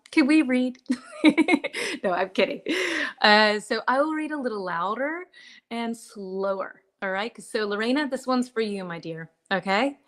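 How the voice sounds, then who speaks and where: A woman teaching English on a live stream from home, chatty and a little hoarse, often clearing her throat and apologizing. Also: medium pitch. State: slightly hoarse, drinking mint tea for her voice. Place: home, dishes washing behind her.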